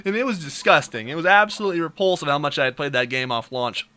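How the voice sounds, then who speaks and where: A young man vlogger telling a crude comic story, animated and fond of mimicking voices. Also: a little high, fast, clean tone. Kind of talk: comedic storytelling vlog.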